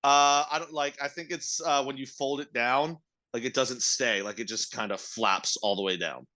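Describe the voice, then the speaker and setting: A man's voice: mid-range voice, normal speed, pushed and bright. A middle-aged man on a casual podcast, telling a work story as a profane, ranting storyteller. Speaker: podcast co-host, restaurant manager.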